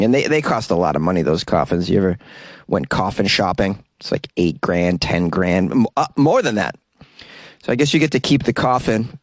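A man riffing on odd news stories in a sarcastic, joking tone, with mid-pitched speech. The sound is dry and close, with no room around it. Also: no echo. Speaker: host. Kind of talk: comedic news commentary. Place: Los Angeles.

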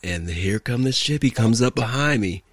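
A man's voice: mid-range voice, moderate pace, dry recording. A man co-hosting a podcast, telling a story in casual, profane chat and acting out the quotes. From California. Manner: profane, animated storyteller who acts out quotes. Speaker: podcast co-host.

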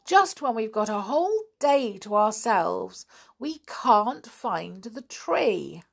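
Storybook girl, young and excitable, high and sing-song, a woman reading. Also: slow, vocal fry, husky, heavily acted. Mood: upset. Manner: eager, tearful.

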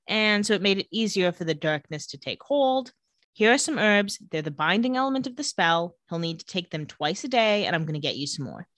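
A woman co-hosting a casual chat, retelling scenes and quoting characters in quick voices. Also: mid-range voice, expressive, a bit bright, no room sound. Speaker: podcast co-host recapping a TV episode.

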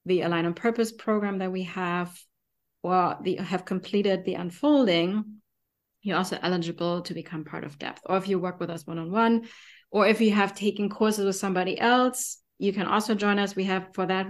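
A woman's voice: medium pitch, fairly even intonation, fairly quick. A woman with a German accent, hosting a podcast in casual, enthusiastic chat with frequent fillers. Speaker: podcast host.

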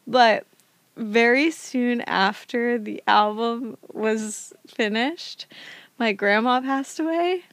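A young woman co-hosting a casual podcast chat, her voice a little high and set close in a dry, dead space. She tells embarrassing stories with plenty of "like" and breaks into hard laughter. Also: takes it slowly, no room sound. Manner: laughs hard, giggly storytelling. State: pregnant. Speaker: podcast co-host.

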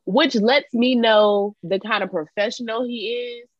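A woman co-hosting a podcast in casual chat, joking bluntly with crude slang and loud laughs. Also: on the high side, a little slow, no room sound. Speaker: podcast co-host. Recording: dull dry sound.

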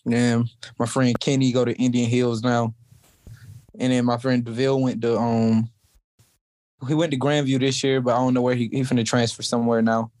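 As an interview guest, this young South Georgia man, a college wrestler, talks in a casual, laid-back manner, frequently using "like." His mid-range, darkish voice is flat and moves at a normal speed, with no echo.

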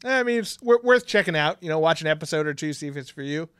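A man's voice: fairly high pitch, lively intonation, quick pace, a bit bright, clear, resonant tone, no echo, studio quality. A man co-hosting a casual podcast, rambling with lots of fillers and frequent laughs. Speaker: podcast co-host. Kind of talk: casual chat.

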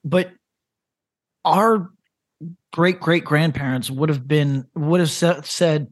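A man with a fairly high voice co-hosting a casual podcast. He rambles and laughs as he reads out grim listener stories. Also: slow pace, no echo. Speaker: podcast co-host.

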